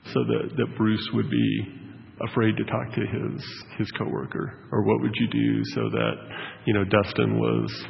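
A man's voice: lowish voice, vocal fry. A male pastor giving a sermon, telling a story in a conversational way with many fillers. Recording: dull lo-fi sound with long hall reverb.

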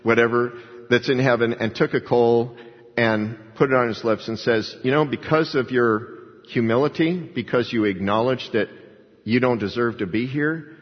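A pastor with a husky, slightly breathy mid-range voice preaches a sermon at a moderate pace, rising into emphatic swells as he acts out the people he quotes. The dull, lo-fi recording carries a long reverb trailing off each phrase through the church sanctuary.

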